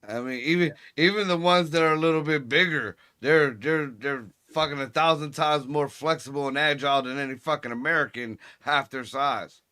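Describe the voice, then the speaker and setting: A man's voice: a little high, normal speed, few pauses, bright, forceful tone. A middle-aged man co-hosting a casual podcast chat, telling crude stories full of swearing. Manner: crude, profane storytelling. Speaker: podcast co-host.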